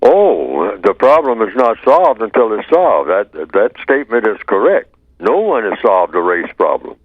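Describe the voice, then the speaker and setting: Older man talking slowly on a tinny line. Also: fairly low pitch, big pitch swings, no room sound. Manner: slow, deliberate, rhetorical questioning. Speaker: radio talk show host. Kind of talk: answering listener email on talk radio. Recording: tinny phone-line sound.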